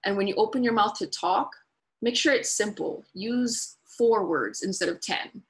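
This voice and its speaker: A woman's voice: medium pitch, normal speed. A woman presenting a webinar on dementia care, explaining patiently with everyday examples and simple repeated phrases.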